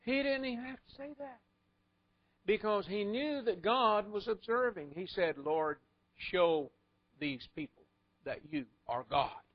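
A man delivers a sermon, telling its stories in a folksy, wry way. His voice sits a little high. The recording is dull and lo-fi. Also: expressive, a little slow. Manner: folksy storytelling with wry asides and chuckles. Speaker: preacher. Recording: muffled lo-fi recording.

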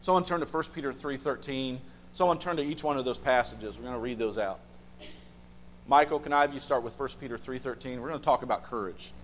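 A man's voice: medium pitch, a little fast, slight background noise. A man leading a Bible study, asking the group questions and repeating phrases for emphasis. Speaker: Bible class teacher.

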